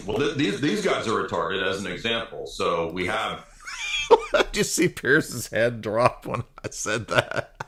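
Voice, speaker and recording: A man's voice: on the low side, pushed and bright, slight background noise. A man giving casual live-stream commentary on a debate, mocking and sardonic in tone.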